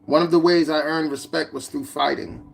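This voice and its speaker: A man narrating his own memoir as an audiobook, in a plain, steady reading. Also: fairly high pitch, moderate pace, gravelly, husky. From United States.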